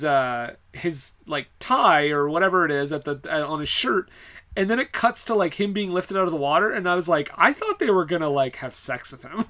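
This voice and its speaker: Bright-voiced man chatting, laughing often. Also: on the high side. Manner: laughs often, many fillers and restarts. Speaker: podcast co-host. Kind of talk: casual chat recapping a film.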